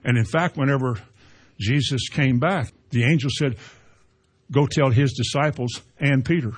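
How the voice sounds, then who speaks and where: A man's voice: medium pitch, normal speed, slightly rough. A man preaching a sermon as a pastor, growing emphatic as he quotes scripture. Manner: preaching with rising emphasis and Bible quotations.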